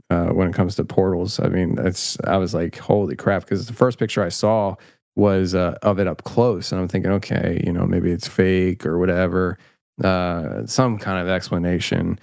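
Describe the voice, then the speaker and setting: Casual guest spot: middle-aged man, low voice, rambling, self-mocking, dry close sound. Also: steady tone, normal speed, gravelly, a little mellow, no echo. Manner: rambling and self-deprecating, many restarts. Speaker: podcast host, guest filmmaker. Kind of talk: casual interview chat.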